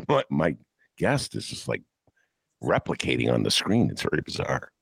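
Older guy ranting about politics, sarcastic, voice swoops way up and down, gravelly, dry sound. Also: very deep voice, huge pitch swings, normal speed, dry recording. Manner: sarcastic, ranting, mocks people in put-on voices. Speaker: podcast host. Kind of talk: opinionated political talk.

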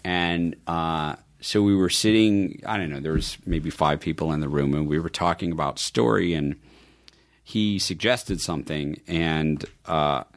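A man guest in a casual interview, telling stories in a lively way and voicing quotes in a higher tone. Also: measured pace. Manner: animated storyteller, acts out quotes in a higher voice. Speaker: film producer guest.

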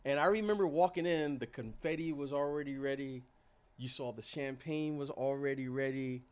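A man in his fifties tells his stories with animated energy. He often stumbles over and repeats words as he builds up to the point. He slips into quoted voices along the way. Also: mid-range voice, normal speed, clear, resonant tone. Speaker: former pro basketball player, guest. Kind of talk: casual storytelling.

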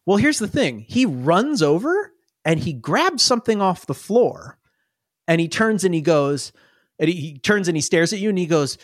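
A man narrating and running a tabletop game as game master, animated and often laughing. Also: high-pitched, normal speed, no room sound, studio quality. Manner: animated, laughing, acts out little voices.

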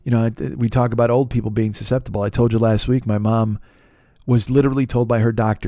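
A man's voice: mid-range voice, little pitch movement, quick pace, dark tone, dry recording, studio quality. A middle-aged man hosting a podcast, talking in a casual solo monologue that rambles, swears a lot and sounds exasperated. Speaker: podcast host.

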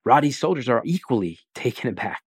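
A man with a middle-pitched voice reads documentary narration. His delivery is measured and dramatic, building tension line by line. The tone stays steady and scripted throughout. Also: husky, no room sound.

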